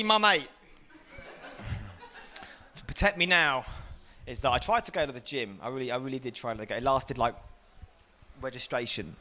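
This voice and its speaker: Animated, bright-voiced comedian man. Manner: animated, jumps into loud high-pitched impressions. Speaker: stand-up comedian. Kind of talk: stand-up comedy set. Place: comedy festival stage.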